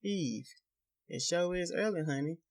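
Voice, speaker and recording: A smug, sleazy country preacher drawls in an oily voice, as a man reading the story puts him on. He is pitched well above the narration. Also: measured pace, gravelly. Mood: smarmy. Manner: oily, drawling rural dialect. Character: short fat sleazy rural preacher, smug.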